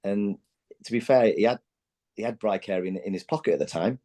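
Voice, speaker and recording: A man in his forties, a former footballer, telling animated stories in a candid podcast chat and acting out what his teammates said. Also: fairly low pitch, brisk. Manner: animated, acts out quotes from teammates; loose, chatty, many fillers and restarts.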